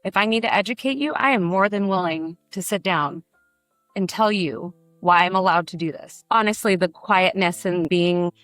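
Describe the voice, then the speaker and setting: A middle-aged woman from Brazil, a burlesque performer, telling candid, animated stories in an interview and acting out the people she quotes. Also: fairly low pitch, normal speed, no room sound, faint music behind. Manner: animated, emotional storytelling with acted quotes.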